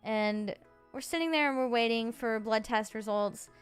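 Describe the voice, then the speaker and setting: A woman around thirty, a streamer telling a story in a chatty, halting way, full of "like" fillers and restarts. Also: a little high, clear, resonant tone, soft background music. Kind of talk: casual storytelling.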